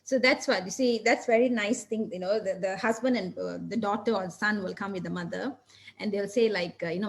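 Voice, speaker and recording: A woman's voice: mid-range voice, brisk, gravelly. A woman physician and coach answering interview questions, explaining in an earnest, step-by-step way.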